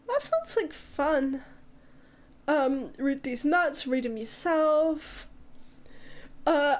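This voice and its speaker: A woman from Wales with a British accent, streaming live in casual, chaotic chat, swearing and laughing often as she reads. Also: high-pitched.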